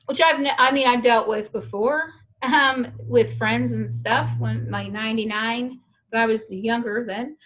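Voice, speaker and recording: Woman, fairly high voice, chatty, frank, rambling storyteller. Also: unhurried, fairly bright tone, a little hiss or hum. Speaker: guest storyteller. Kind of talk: casual storytelling chat.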